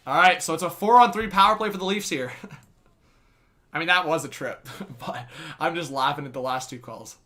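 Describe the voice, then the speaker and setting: A young man calling a hockey game play by play from a live stream, laughing often and shouting when the action heats up. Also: on the high side, moderate pace. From Canada. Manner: laughs often, bursts into loud excited shouts on big plays. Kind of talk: live fan play-by-play commentary.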